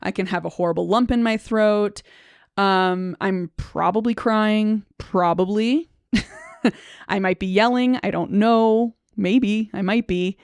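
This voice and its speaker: A woman speaking as a speech-language pathologist, explaining a personal experience to camera in a reflective, halting way, with frequent fillers, restarts and soft nervous laughter. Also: medium pitch, smooth, no echo, studio quality.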